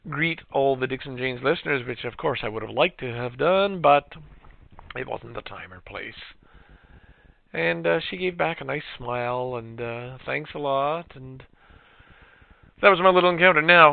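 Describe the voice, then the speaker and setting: A man's voice: medium pitch, vocal fry. A middle-aged man hosting a podcast, talking in a casual, reflective, rambling way with frequent fillers. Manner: reflective, chatty, trailing off with fillers. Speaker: podcast host. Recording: lo-fi phone-like sound.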